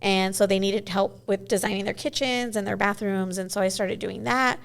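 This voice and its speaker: A woman's voice: mid-range voice, steady tone, moderate pace, creaky. A woman in her forties, a guest in a casual interview, telling stories in a chatty way with many "you know"s.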